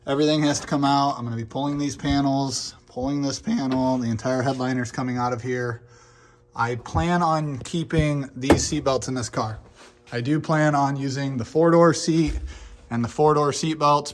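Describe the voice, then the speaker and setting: A hoarse young man filming on his phone in a garage, casually explaining his work step by step and swearing now and then. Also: mid-range voice. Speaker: car builder explaining his project. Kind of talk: casual how-to narration.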